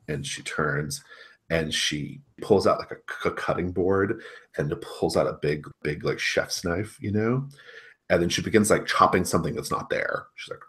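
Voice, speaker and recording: Brief: low-voiced man running a tabletop game, casual, lots of "like". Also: lively intonation, normal speed, a bit bright. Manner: casual, filler-heavy, laughs a lot. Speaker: game master.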